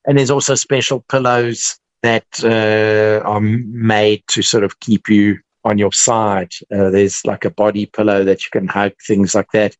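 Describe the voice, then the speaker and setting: Man, South African accent, dentist guest, fairly low voice, relaxed explaining, dry studio sound. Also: a little slow, hardly any pauses, dry recording, rough recording. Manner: relaxed, explains with examples and restarts. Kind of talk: casual explanatory chat.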